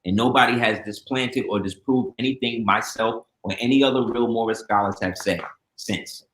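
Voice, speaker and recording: Animated man telling stories, roomy sound. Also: fairly low pitch, moderate pace. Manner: animated storyteller, acts out quoted voices. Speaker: guest. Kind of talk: casual storytelling talk. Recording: roomy echo.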